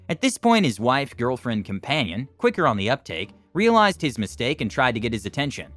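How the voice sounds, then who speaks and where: A man narrating online stories in a scripted, animated and expressive way, adding his own comments. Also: medium pitch, a little fast, few pauses, faint music behind. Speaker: story narrator.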